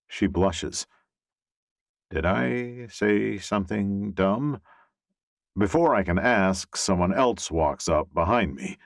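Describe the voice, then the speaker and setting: A man narrating a romance audiobook in the first person, wry and expressive, on a close studio mic. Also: lowish voice, slow, creaky, no room sound.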